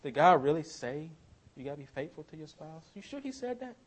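A man voicing a whispering tempter spirit in a whispered role-play, hushed and coaxing. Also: fairly high pitch, sing-song, fairly quick, husky. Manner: coaxing, insinuating.

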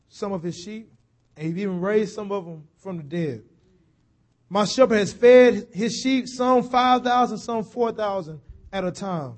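High-voiced man preaching a sermon. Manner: rhythmic, repetitive preaching that swells into shouts.

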